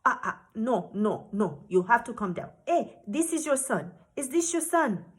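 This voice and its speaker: A woman voicing a kind, caring woman immigration official who speaks softly and soothingly. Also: on the high side, big pitch swings, unhurried, breathy edge, full character voice. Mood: soothing, hushed. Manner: soft, soothing, hushed.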